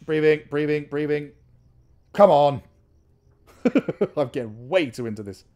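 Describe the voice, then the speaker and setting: Excitable man narrating horror gameplay. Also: on the high side, normal speed, muffled recording. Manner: excitable, mutters repeated counting under his breath. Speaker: gameplay commentator.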